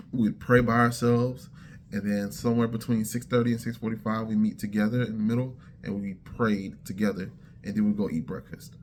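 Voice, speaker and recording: Lower-voiced man telling a personal testimony, lively and direct with listeners, acts out quoted lines. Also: a little hiss or hum. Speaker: testimony speaker.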